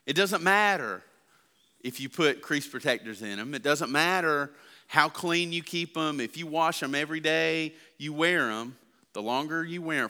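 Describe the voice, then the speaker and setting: A man's voice: on the high side, bright, forceful tone. A man preaching a sermon, talking conversationally and asking the congregation questions. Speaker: pastor. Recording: long hall reverb.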